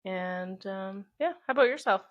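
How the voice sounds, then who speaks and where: A woman's voice: mid-range voice, lively intonation, normal speed, lo-fi sound. A young woman co-hosting a podcast, chatting casually in an easygoing, supportive way. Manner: easygoing, supportive listener with frequent backchannels. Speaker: podcast co-host. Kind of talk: casual chat.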